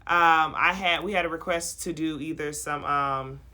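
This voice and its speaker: A woman's voice: low voice, steady tone, normal speed, pushed and bright. A woman hosting a casual podcast, talking in an upbeat, playful, slangy way. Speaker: podcast host.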